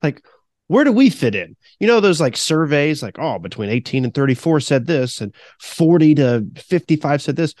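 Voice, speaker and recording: Lively-voiced man in his thirties. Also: on the high side, normal speed, no echo, studio quality. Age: 30s. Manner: rambling storyteller, laughs often. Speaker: podcast co-host. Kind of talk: casual chat.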